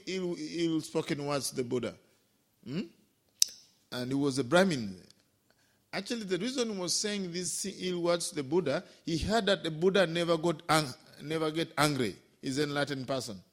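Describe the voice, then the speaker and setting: A man, a Buddhist monk, giving a Dhamma talk as an animated storyteller with gentle humor, often checking in with listeners by asking "Hmm?" and "Eh?". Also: on the high side.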